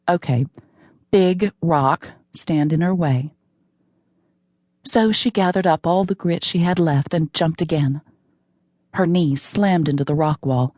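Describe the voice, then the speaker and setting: A woman narrating a novel with wry, measured scripted narration on a close studio microphone. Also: lowish voice, a little mellow, dry recording. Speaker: audiobook narrator.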